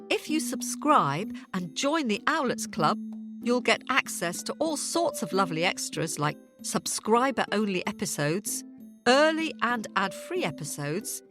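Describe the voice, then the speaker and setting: Lively-voiced woman hosting a kids' podcast. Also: mid-range voice. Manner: bright, playful, addresses children directly. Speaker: podcast host. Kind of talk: children's podcast presenting.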